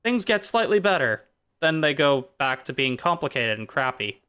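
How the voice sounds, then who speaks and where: A man's voice: on the high side, big pitch swings, moderate pace, pushed and bright, clear, resonant tone. A male streamer chatting casually while playing a game, drifting playfully between jokes and musings. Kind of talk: casual rambling chat while gaming.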